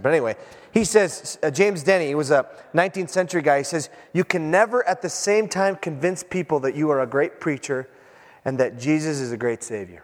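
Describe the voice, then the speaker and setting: A male pastor preaching a sermon in an animated, joking way, acting out little scenes for the congregation. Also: mid-range voice, in a large hall. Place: church sanctuary.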